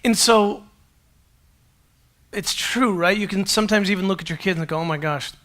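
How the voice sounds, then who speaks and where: A male pastor delivers a sermon in a high, bright voice. He talks to the congregation in a loose, conversational way and is quick to joke at his own expense. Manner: conversational and animated, with self-deprecating humor.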